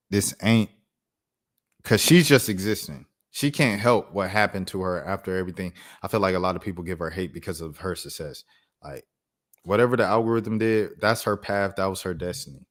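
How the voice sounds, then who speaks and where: A laid-back man with a low voice, musing aloud on a stream. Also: moderate pace. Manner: loose, slangy, thinking aloud while reacting to news. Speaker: streamer host. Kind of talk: casual live-stream commentary.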